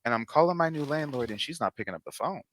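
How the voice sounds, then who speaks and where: A man's voice: mid-range voice, animated, quick pace, a bit bright, dry recording. A man casually retelling a personal story in a played clip, candid and profane.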